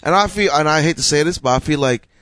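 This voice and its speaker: A man's voice: on the high side, fast, fairly bright tone, dry recording. Blunt, swearing man on a dry mic. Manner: blunt, profane, ribbing. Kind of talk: casual chat.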